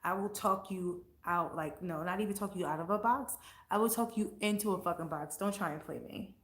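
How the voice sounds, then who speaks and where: A woman's voice: fairly low pitch, a little fast. Blunt, swearing woman in an echoey room. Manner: blunt and profane, getting heated. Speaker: vlogger. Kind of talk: casual chat answering comments.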